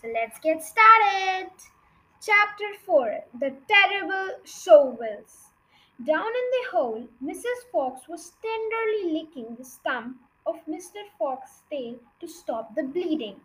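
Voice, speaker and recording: A woman reads a children's storybook aloud with a high, bright voice. Her reading is expressive and dramatic. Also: slow, rough recording. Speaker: reader.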